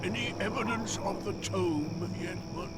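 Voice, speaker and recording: A woman's voice: mid-range voice, a little slow, heavy background noise, close to an everyday voice. A woman voicing a pompous older male scholar character in a game, haughty and self-satisfied.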